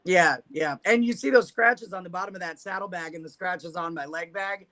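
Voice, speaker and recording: Bright-voiced woman guest, candid and laughing. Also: on the low side, brisk. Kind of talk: casual chat.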